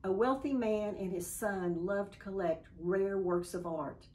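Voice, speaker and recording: A woman giving a church devotional, reading a story aloud in a calm, measured way. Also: medium pitch, poor audio.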